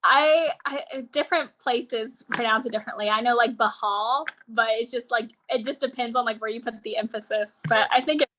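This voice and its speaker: Bright-voiced woman, tentative, heard from off-mic. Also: fairly high pitch, normal speed, hardly any pauses. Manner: tentative, thinking aloud with fillers. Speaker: Bible study participant.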